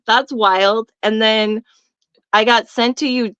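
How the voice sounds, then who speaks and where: A young woman tells a story in casual chat, brash and profane, laughing often. Her voice sits fairly high, and the recording is dry and a little dull. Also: steady tone, slow, a bit bright, clean tone, no echo. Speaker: guest.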